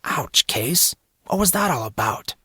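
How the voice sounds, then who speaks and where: A man's voice: a little high, sing-song, unhurried, sharp tone, slightly rough, dry recording, studio quality, voice pushed up, heavily acted. A man voicing a clever but awkward fourteen-year-old boy who sounds sheepish and asks questions.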